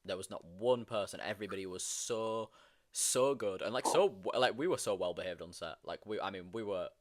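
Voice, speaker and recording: Fairly quick and lowish-voiced, a young man casually chats on a stream about funny experiences from filming. Fillers and bursts of laughter run throughout his animated storytelling.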